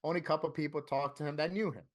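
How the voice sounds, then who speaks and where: A man from Florida telling a story in casual interview talk, animated and profane, acting out what other people said. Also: fairly high pitch, racing. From Florida, USA. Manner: animated, profane, acts out quoted voices. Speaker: interview guest, tattoo artist.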